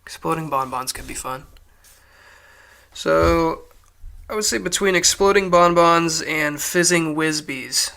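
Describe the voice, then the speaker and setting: A man's voice: a little high, unhurried, creaky, pushed and bright. A man co-hosting a podcast in casual chat, tossing off wry one-liners. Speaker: podcast co-host.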